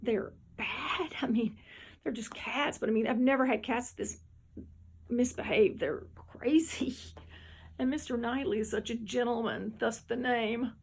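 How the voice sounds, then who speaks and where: A woman's voice: on the high side, unhurried, vocal fry, breathy edge. A tired woman, just up from a nap, rambling chattily at home in a casual vlog. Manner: rambling, chatty, drifts between topics. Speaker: vlogger. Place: home, indoors.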